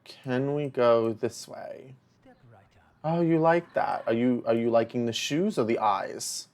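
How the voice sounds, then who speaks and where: This young man talks through his game in a loose, rambling way, drifting into stories and then turning to tease the little characters on screen. His pitch sits in the ordinary middle range for a man, and the whole thing feels like relaxed, unscripted commentary. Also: takes it slowly. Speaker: let's play host. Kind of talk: casual gameplay commentary.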